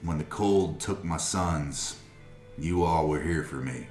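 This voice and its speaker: A man voicing an older townsman speaking calmly and with dignity. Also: rumbling low, slow pace, reverberant, soft background music. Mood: resigned.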